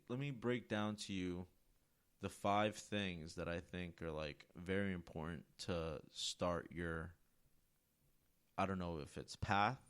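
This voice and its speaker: A man with a notably deep, low-pitched voice hosts his own show in a loose, rambling monologue. He swears constantly and talks with blunt, emphatic energy. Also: clean tone. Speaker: podcast host. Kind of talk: casual monologue.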